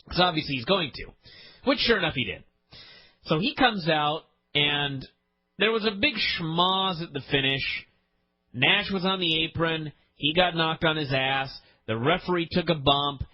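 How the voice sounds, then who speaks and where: A man's voice: a little high, dull audio. A man hosting a podcast, ranting in an exasperated, profane way about a show he hates. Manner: exasperated, profane, fast-shifting rant. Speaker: podcast host. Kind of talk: ranting wrestling podcast chat.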